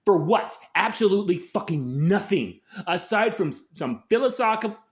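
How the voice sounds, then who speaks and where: A man's voice: high voice, lively intonation, moderate pace. A man hosting a show, delivering an angry, aggressive political rant full of swearing. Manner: angry, aggressive, heavy swearing, shouted peaks. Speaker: host.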